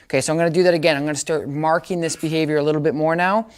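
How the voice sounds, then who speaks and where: A man's voice: a little high, fairly even intonation, very fast, clear, resonant tone. A man giving a casual dog training demonstration, explaining each step and often checking that listeners follow.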